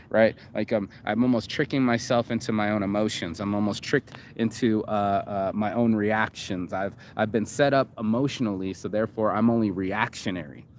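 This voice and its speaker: A man's voice: fairly low pitch, a little hiss or hum. A man hosting a casual monologue, reacting to a video. He rambles, swears freely and stumbles over fillers and restarts.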